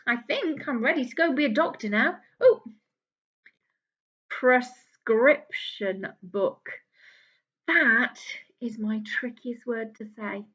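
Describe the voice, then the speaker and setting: A woman teaching a phonics lesson to young children, drawing out each word slowly and encouraging them in a sing-song way. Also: a little high, fairly bright tone, highs cut off. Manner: slow, drawn-out enunciation of each word. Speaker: early years teacher.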